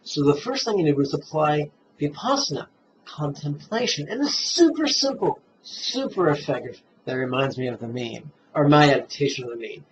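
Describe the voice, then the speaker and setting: A man teaching meditation in a relaxed, playful dharma talk, chuckling at his own jokes and guiding listeners step by step through the breath. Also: on the high side, slight background noise. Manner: guides listeners slowly through breathing steps. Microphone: camera mic, self-filmed. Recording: dull, muffled camera audio.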